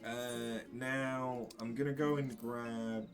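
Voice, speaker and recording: A man giving casual gameplay commentary in a low-key, mumbled, wry way. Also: level tone, takes it slowly, faint music behind. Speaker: gaming channel host.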